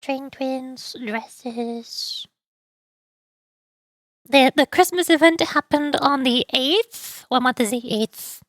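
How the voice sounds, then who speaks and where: A woman's voice: high voice, slow, dry recording. A young woman streamer chatting casually and sarcastically while she plays a game. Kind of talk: casual gaming stream chat.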